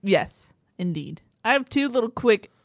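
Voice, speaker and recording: A woman co-hosting a sports podcast, telling sideline stories in an animated way and acting out what players said. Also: a little high, measured pace, dry recording, studio quality. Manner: animated storytelling, acts out quotes. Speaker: sports reporter and podcast co-host. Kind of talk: casual sports chat.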